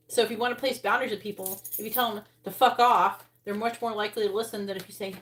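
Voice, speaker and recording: A woman's voice: mid-range voice, fast. A woman doing a live tarot reading, talking bluntly and swearing, sounding angry while she talks through the cards. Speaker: tarot reader. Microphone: earbuds. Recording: loud background noise.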